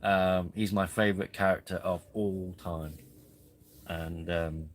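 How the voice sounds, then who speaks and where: A man in his forties chats loosely on a live stream from his tent, drifting off topic and laughing at himself. His voice sits on the low side. A faint hum of noise runs behind him. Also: steady tone, takes it slowly. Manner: rambling, chatty, self-deprecating. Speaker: camping channel host. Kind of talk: casual live-stream chat. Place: camping tent.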